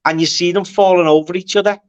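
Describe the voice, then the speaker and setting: High-voiced Liverpool man telling stories. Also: fast talker, smooth, highs cut off. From Liverpool, England. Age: 40s. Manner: animated storyteller, checks in with "do you know what I mean". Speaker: guest actor. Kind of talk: casual chat.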